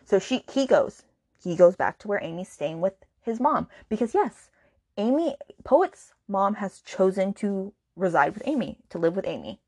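A woman's voice: mid-range voice, big pitch swings, normal speed, a little mellow, husky, no echo. A woman hosting a podcast, talking through a book in a casual, indignant and sarcastic rant, with many asides to the listener. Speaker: podcast host.

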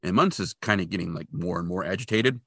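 A man's voice: low voice, lively intonation, sharp tone, breathy edge, no echo, clean studio sound. A man co-hosting a podcast, casually recapping a TV episode and jokily acting out the characters' lines. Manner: jokey, acts out characters' lines in quick voices. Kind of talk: casual chat.

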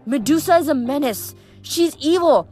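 A woman voicing a clever, bossy teenage girl who speaks briskly and insistently. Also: high-pitched, expressive, darkish tone, soft background music, voice pushed up. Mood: urgent.

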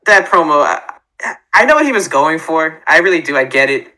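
Bright-voiced joking man. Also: fairly high pitch, normal speed, low-quality recording. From Florida. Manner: joking, animated, acts out mock dialogue. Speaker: podcast co-host. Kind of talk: casual chat.

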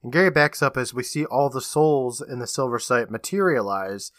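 A man with a bright, forceful voice, recapping an episode for his podcast co-host. He talks casually and animatedly and laughs a lot. The sound is close and dry, with no room around it. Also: mid-range voice, moderate pace, dry recording. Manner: animated retelling, laughing often.

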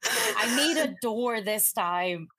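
A woman's voice: fairly high pitch, slow, bright, forceful tone, slightly rough. A woman player in casual chat, making exasperated, laughing asides.

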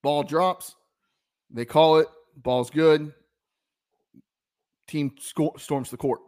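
A man's voice: a little high, very slow. A man with a Southern American accent, co-hosting a casual sports podcast and telling stories with many restarts. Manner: rambling, many restarts, animated storytelling. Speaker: podcast co-host.

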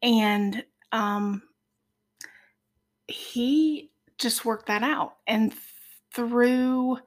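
A woman from Ohio, a podcast guest, tells her faith story in an earnest, heartfelt way with many pauses. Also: a little high. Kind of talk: personal faith testimony.

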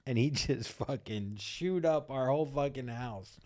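A man's voice: medium pitch, a little slow, a little mellow. A man co-hosting a comedy podcast, chatting casually and joking crudely with plenty of swearing. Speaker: podcast co-host.

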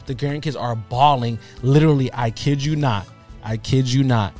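A man in his thirties, co-hosting a podcast, telling a story in a casual, animated way and acting out what people said. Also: medium pitch, normal speed, faint music behind. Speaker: podcast co-host.

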